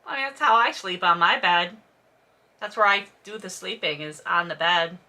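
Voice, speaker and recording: A woman's voice: lowish voice, normal speed, bright, forceful tone. A woman reading a novel aloud as host and breaking off for snarky, exasperated commentary. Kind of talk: sarcastic read-along commentary.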